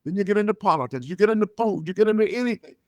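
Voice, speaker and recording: Older comedian guy, punchy loud jokes, slightly high voice, dry sound. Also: racing, no room sound. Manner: loud punchy joke delivery, animated storytelling. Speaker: comedian guest. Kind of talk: storytelling comedy chat.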